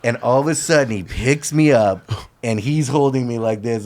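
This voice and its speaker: A man trading lively stories on a chat show. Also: medium pitch, normal speed, a little hiss or hum. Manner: lively storyteller who acts out other people's lines; loose, slangy speech with casual fillers. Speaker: podcast guest. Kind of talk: casual storytelling chat.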